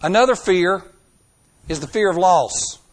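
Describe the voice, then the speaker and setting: A man in middle age with a drawl delivers a sermon in a voice pitched high for a man. He presses his points with dramatic shifts in volume and tempo. He often stops to put a rhetorical question to his listeners. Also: lively intonation, unhurried. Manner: emphatic, dramatic swings in loudness and pace, rhetorical questions. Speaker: preacher.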